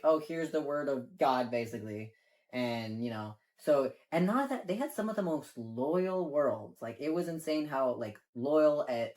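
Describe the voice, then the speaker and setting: A man co-hosting a casual chat and explaining game lore in a rambling way, leaning on filler words and swearing now and then. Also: medium pitch. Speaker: co-host.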